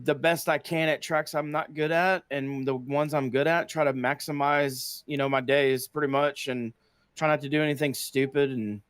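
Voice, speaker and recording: Easygoing man with a smooth, dry voice. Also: a little high, a bit bright, no room sound. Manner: easygoing, filler-heavy answers. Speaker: race winner being interviewed. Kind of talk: casual post-race interview.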